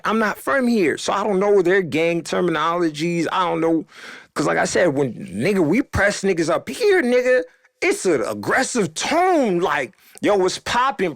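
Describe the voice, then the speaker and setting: A young man hosting a podcast, telling a story in casual, animated fashion and acting out the voices of people he quotes. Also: sits high, creaky, no room sound, studio quality. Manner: animated, acts out quoted voices, rising loud when excited. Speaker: podcast host.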